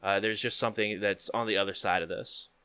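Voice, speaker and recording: A man runs a tabletop adventure as game master, his voice bright and clean-edged. He describes each scene haltingly, pausing often on fillers. The sound is close and dry, with almost no room around it. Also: lowish voice, steady tone, smooth, no echo.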